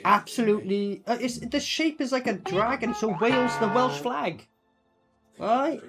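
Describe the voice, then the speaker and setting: A man with a notably high voice reacts to a movie in loose, swear-filled commentary. He rambles through fillers and asides, excitable and blunt, with faint music underneath. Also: measured pace. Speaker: movie reviewer.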